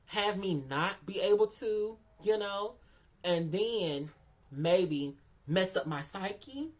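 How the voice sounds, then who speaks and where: A woman telling a candid, profane story in casual vlog chat, repeating phrases for emphasis and calling the listener "girl". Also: on the low side. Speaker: storyteller vlogger.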